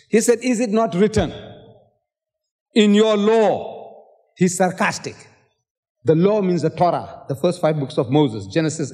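High-voiced older man lecturing in a hall. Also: mellow. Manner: lecturing, quotes scripture at length, sarcastic asides. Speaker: debater. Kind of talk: public debate speech. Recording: old hall recording with long reverb.

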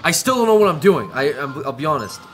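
A man's voice: on the high side, very animated, fast talker, a bit bright. Exasperated swearing man gaming. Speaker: streamer playing a video game. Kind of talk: casual gaming stream banter. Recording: game music playing behind.

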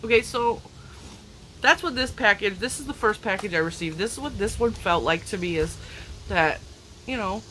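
A woman's voice: mid-range voice, animated, fairly quick, fairly bright tone, slight background noise, poor audio. A woman crafting vlogger chatting casually and emotionally in a back yard, laughing often and getting teary. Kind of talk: casual chat.

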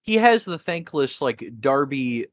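A man hosting a casual wrestling podcast, talking in halting bursts with lots of fillers. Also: medium pitch, very animated, dry recording. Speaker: podcast host. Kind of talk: casual chat.

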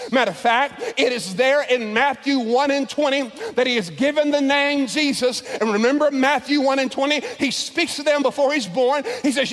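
A preaching pastor with a strikingly high voice, heard in a large church where his words ring with a long reverb. He restarts phrases and repeats words as he builds momentum, then rises to shouted peaks. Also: expressive, moderate pace. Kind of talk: sermon.

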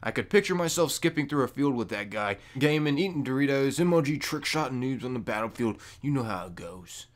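A young man making a casual gaming vlog into a microphone, loose and jokey, with loud high-pitched bursts when he mocks people. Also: expressive, a little fast, hardly any pauses. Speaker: gaming YouTuber. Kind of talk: casual talking-to-camera vlog. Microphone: desk microphone.

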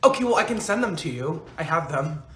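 Young male skit comic, blunt and dismissive, rapid delivery, roomy echo. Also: on the high side, very animated, a bit bright. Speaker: comedy skit creator. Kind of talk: POV comedy skit acting.

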